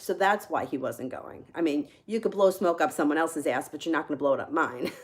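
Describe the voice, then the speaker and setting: A woman hosting a tarot channel, telling a personal story casually and candidly, laughing often and swearing freely. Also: fairly low pitch. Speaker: tarot reader and channel host.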